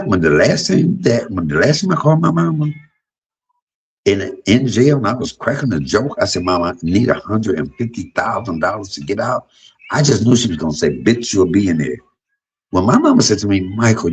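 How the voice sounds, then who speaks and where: A man in his fifties hosting a livestream, talking in a blunt, profane personal monologue that swings between loud outbursts and low murmurs. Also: husky, poor audio. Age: 50s. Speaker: livestream host.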